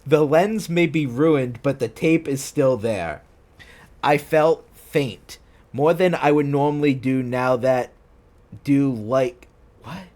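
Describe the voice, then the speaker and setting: A man's voice: mid-range voice, a little mellow. A man streaming himself reading fan fiction aloud, stopping to mock it in disbelief and breaking into laughter. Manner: incredulous, mocking, breaks into laughter.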